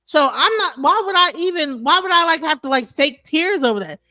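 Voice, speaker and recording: A woman's voice: high voice, expressive, a little fast, bright, forceful tone, dry recording. A woman on an open panel, arguing heatedly, repeating herself and swearing, calling the other man bro and sir. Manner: emphatic, repetitive, swears freely, says bro and sir. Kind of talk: heated argument.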